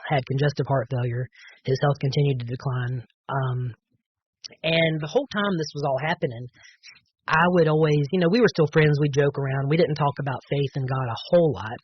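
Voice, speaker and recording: A man's voice: medium pitch, highs cut off, slight background noise. A man on a podcast telling a personal testimony, earnest and full of fillers and restarts. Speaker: podcast guest.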